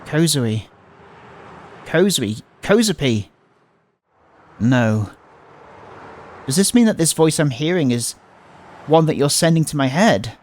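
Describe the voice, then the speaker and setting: A man's voice: fairly high pitch, lively intonation, takes it slowly, pauses often, a little mellow. A man reading a visual novel aloud, voicing the panicky narrator with stumbles and fearful outbursts. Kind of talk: dramatic read-aloud of a game.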